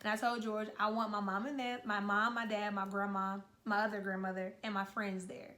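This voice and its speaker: A woman's voice: medium pitch, level tone, fairly quick, sharp tone. A young woman co-hosting a casual couch chat, talking in a chatty, teasing way. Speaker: co-host of couple's channel.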